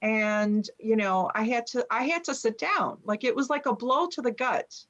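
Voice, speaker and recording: This middle-aged woman from the US, who works as an author and journalist, talks at a moderate pace in a higher, fairly bright voice. She's recounting a personal story during a video call from home, filling her speech with fillers and acting out whoever she quotes. Bookshelves line the room behind her, and the recording has a dull, lo-fi quality.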